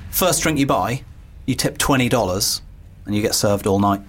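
A man's voice: fairly low pitch, moderate pace, slightly rough. A man co-hosting a podcast, chatting casually with jokey comic asides. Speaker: podcast co-host. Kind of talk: casual chat.

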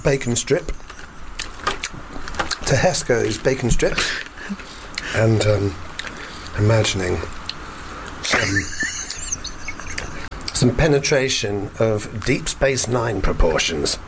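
A man's voice: lowish voice, expressive, slow pace, long pauses, background noise. A man co-hosting a casual podcast chat, jokey and wry. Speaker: podcast co-host.

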